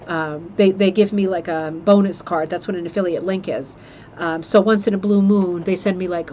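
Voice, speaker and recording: A chatty woman hosts a craft club stream at an ordinary mid pitch, gushing and restarting her sentences as she talks into a webcam. A faint hum of room ambience sits under her voice. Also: a little mellow. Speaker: host of a rug hooking club livestream. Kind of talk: casual chat, reviewing a book.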